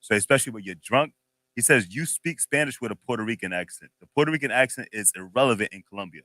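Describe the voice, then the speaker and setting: A man co-hosting a podcast, telling a story in a loose, animated, slangy way with lots of laughs. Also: lowish voice, fast talker, no echo. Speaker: podcast co-host. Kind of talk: casual chat, storytelling.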